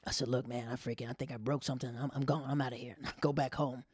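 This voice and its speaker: A young man casually telling a personal story, acting out quoted lines with sudden loud high bursts and dropping to near whispers for embarrassed asides. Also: fairly even intonation, racing, husky, no echo, clean studio sound.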